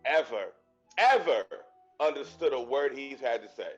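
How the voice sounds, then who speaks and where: A man hosting a podcast, chatting in a relaxed way with a friend and cracking dry jokes. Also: mid-range voice, unhurried, lo-fi sound, soft background music. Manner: laid-back, dry jokes. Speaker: podcast host and comedian. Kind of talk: casual podcast chat.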